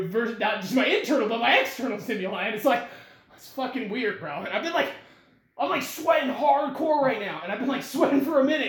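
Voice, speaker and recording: Excitable young man, echoey room. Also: very high voice. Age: 20s. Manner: rambling, excitable, heavy swearing and "like" fillers. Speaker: son talking with his father. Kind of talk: casual heart-to-heart conversation. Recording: roomy echo with faint noise.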